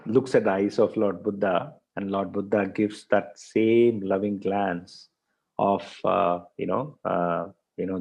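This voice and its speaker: A man's voice: fairly low pitch, creaky, darkish tone, slightly rough, low-quality recording. A male professor telling a story in a lecture, with many fillers and repeated words. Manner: frequent fillers, repeats words, thinks aloud.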